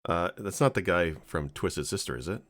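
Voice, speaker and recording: A man's voice: deep voice, animated, normal speed, fairly bright tone, no echo, clean studio sound. A man co-hosting a casual podcast who often laughs and reacts with surprise. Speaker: podcast co-host. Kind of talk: casual chat.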